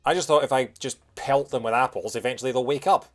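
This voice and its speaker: With a medium-pitched voice and a fast way of talking, a male let's play host chatters excitedly through his gameplay. He hums along and cracks jokey asides over gentle background music.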